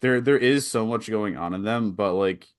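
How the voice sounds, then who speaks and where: A young man with a very low voice chats on a podcast, laughing often and tumbling over filler words as he gets excited. The sound is dry and close, with no room around it. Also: normal speed, smooth, dry recording. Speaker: podcast co-host. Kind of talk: casual chat.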